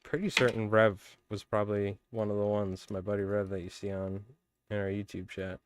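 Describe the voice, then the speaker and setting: A man's voice: on the low side, flat delivery, moderate pace, a little hiss or hum. A man hosting a fly tying live stream, chatting casually and rambling with viewers as he works. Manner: rambling, chatty, many fillers.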